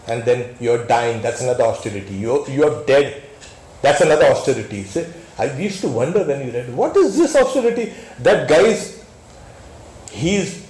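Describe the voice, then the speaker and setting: A man's voice: mid-range voice, darkish tone. A man teaching a scripture class as a swami, talking in a conversational and emphatic way, with frequent exclamations. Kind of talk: scripture lecture. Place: temple hall. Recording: echoey hall recording with faint noise.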